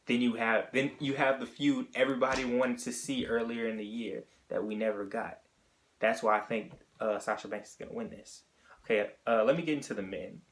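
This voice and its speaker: A man's voice: medium pitch, steady tone, fairly quick, slight background noise. A man talking through his opinions in a casual solo monologue, thinking aloud and often rephrasing mid-sentence. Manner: chatty and opinionated. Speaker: wrestling vlogger.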